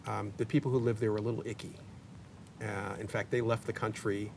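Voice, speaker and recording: A man's voice: level tone, fairly quick, vocal fry. A man in his sixties, a paranormal investigator guest in an interview, talking in a chatty, anecdotal way with joking asides. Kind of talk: interview conversation. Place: community media studio. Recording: distant mic with faint rumble.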